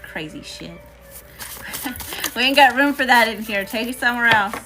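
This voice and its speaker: A woman's voice: fairly high pitch, lively intonation, moderate pace, over music. A woman with a Southern accent doing a casual tarot reading, chatty and slangy, talking back to Spirit. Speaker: tarot reader.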